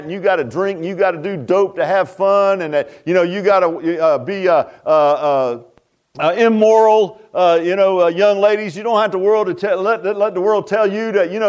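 A middle-aged man preaching a sermon, emphatic and folksy, with many fillers. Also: high-pitched. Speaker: pastor.

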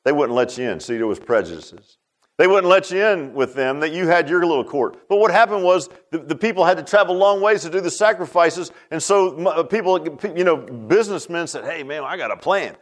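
A man preaching a conversational sermon, firing rhetorical questions and swinging between loud and hushed. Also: fairly high pitch, lively intonation, fairly quick.

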